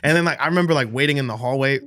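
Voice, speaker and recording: A man's voice: medium pitch, rapid-fire, bright, forceful tone, no room sound, studio quality. A young man from the Bronx, chatting casually as a podcast guest, slangy and profane, often asking "you know what I mean.". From the Bronx, New York. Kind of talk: casual chat. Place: podcast studio.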